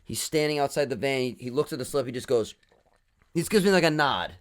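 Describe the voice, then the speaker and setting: A young man co-hosting a podcast tells a rambling story in casual chat, packed with swearing and filler words. His voice is mid-range and he talks fast.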